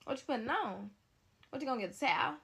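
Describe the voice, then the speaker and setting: A young woman tells a story to her viewers in a casual, animated way. Her voice is bright and edged with gravel, and she pitches it a little high. She is blunt and talks to the audience directly. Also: fast talker.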